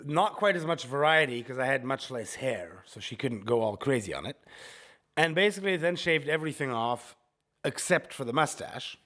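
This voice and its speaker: A man co-hosting a podcast in casual chat, telling animated, joking stories while recovering from chemotherapy. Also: medium pitch, normal speed. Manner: animated storytelling, jokey. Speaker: podcast co-host.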